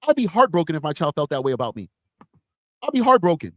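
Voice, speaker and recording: A man's voice: on the high side, big pitch swings, quick pace, no room sound. A man co-hosting a live true-crime stream, commenting emphatically and repeating his points. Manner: emphatic, repetitive, opinionated.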